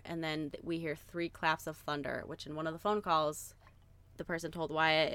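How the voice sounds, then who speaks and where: A young woman with a notably low-pitched voice talks through a film's story in a relaxed podcast chat. She fills her sentences with "like" and lets the odd swear word slip as she builds the tension. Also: moderate pace, clear, resonant tone. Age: young adult. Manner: animated storyteller, frequent "like", swearing. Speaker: podcast co-host. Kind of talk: casual chat, retelling a film plot.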